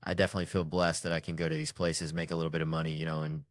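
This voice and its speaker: A low-pitched man tells long, meandering comic stories in a relaxed interview chat. His voice sits close and dry with almost no room around it. He talks like a touring stand-up swapping road tales. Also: rapid-fire, dry recording. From United States. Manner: rambling, joking storyteller. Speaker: comedian guest.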